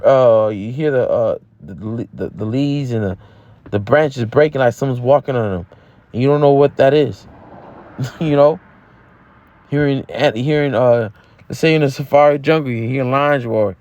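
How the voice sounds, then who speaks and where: A man's voice: medium pitch, moderate pace, a little mellow. Casual preacher man, dull lo-fi sound. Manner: casual, repeats words and says "man" often. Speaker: camp teacher. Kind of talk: street-style Bible teaching.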